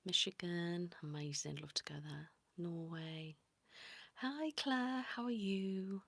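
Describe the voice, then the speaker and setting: A woman whispering softly into a close mic for an ASMR livestream, greeting viewers one by one. Her pace is very slow and unhurried, her voice sits a little low, and the sound is dry and intimate. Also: vocal fry, no room sound. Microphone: close sensitive mic.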